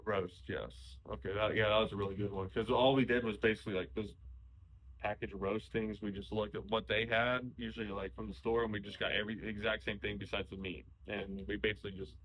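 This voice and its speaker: A man's voice: lowish voice, a little fast, low-quality recording. A young man, a hunter, casually telling stories about hunting trips and chatting with his wife, with frequent restarts. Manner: relaxed storytelling, frequent restarts. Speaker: podcast host, hunter. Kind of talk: casual conversation.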